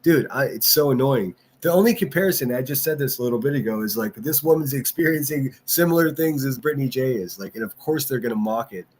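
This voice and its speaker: A man's voice: medium pitch, animated, fast talker, few pauses, a little mellow, husky. A man hosting a livestream, ranting and mocking in casual commentary and answering his chat. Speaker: livestream host.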